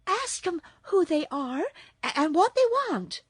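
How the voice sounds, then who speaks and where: A woman's voice: sits high, big pitch swings, unhurried, no room sound, clean studio sound, pitched above the performer's own voice. A woman reading a storybook, voicing a brave little girl who comforts her friends. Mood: frightened.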